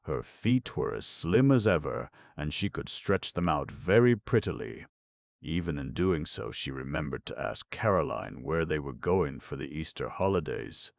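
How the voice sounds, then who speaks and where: A man narrating an audiobook in a measured, ironic storytelling manner. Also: very deep voice, expressive, creaky, no room sound, studio quality. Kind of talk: scripted narration.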